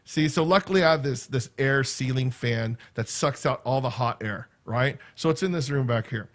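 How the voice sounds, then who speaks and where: A man's voice: medium pitch, moderate pace. A man hosting a casual livestream from a room in his home, rambling and chatty, tagging "right?" onto his sentences. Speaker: livestream host. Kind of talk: casual live chat.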